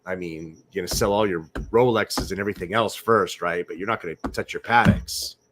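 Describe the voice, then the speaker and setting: A man with a very low voice hosts a casual late-night livestream from home. He rambles, repeats himself and keeps asking his viewers whether they agree. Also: fairly quick, noisy background. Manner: rambling, repeats words, asks viewers questions. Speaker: livestream host.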